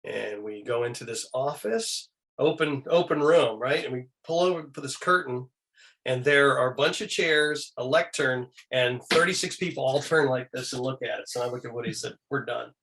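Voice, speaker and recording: A man's voice: mid-range voice, moderate pace, a bit bright. A middle-aged man, a guest on an interview show, telling anecdotes casually and acting out the people he quotes in shifting voices.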